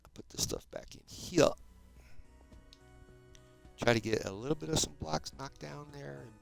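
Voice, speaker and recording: A man's voice: on the high side, moderate pace, gravelly, soft background music. A man in his fifties from South Jersey, with a South Jersey accent, chatting casually to viewers while playing a game, often adding dude and man. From South Jersey, USA. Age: 50s. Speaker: Minecraft streamer. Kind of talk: casual live-stream gameplay chat.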